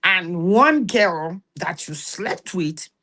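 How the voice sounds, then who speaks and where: A woman's voice: fairly low pitch, very slow. Nigerian lady telling stories and preaching advice, acts out all the voices. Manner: animated, preachy, acts out dialogue. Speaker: host. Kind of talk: storytelling advice talk.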